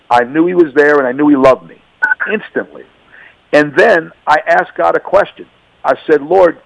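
A man's voice: a little high, gravelly, poor audio. A man telling his personal faith testimony on a radio show, earnest and emphatic, often repeating words and phrases. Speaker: radio guest.

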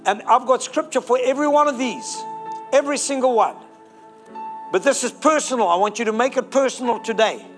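A man's voice: very high-pitched, brisk, soft background music. A man preaching a sermon, fervent and exhorting, rallying the congregation to repeat declarations.

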